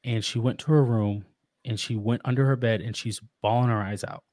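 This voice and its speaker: A man's voice: mid-range voice, steady tone, a little fast, a little mellow, no room sound, studio quality. A man guesting on a podcast, talking about being a father in an earnest, reflective way, often restarting his sentences. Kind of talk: casual interview talk.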